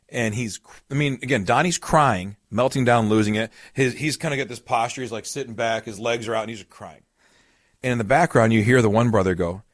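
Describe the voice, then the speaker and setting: A man's voice: medium pitch, no room sound, studio quality. A man hosting a podcast as a retirement coach, explaining in a casual, storytelling way with everyday examples.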